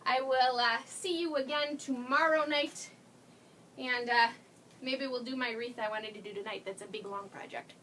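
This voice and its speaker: A woman's voice: fairly high pitch, steady tone, normal speed, pushed and bright, recorded from a distance, slight background noise. A woman hosting a casual live craft demo, chatty and gushing, laughing often as she talks to viewers. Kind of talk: casual live-stream chat.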